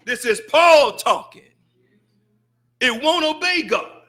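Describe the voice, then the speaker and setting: A student minister with a very high, bright, forceful voice preaches a sermon in a mosque. Fervent and animated, he bursts into shouts to drive his points home, and between them he mimics people's excuses in wry, drawn-out asides.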